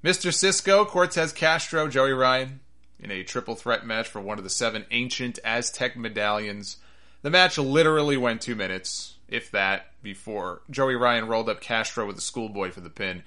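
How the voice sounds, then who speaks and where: A man's voice: mid-range voice, normal speed, sharp tone. A man hosting a wrestling podcast, rambling and sarcastic in casual commentary.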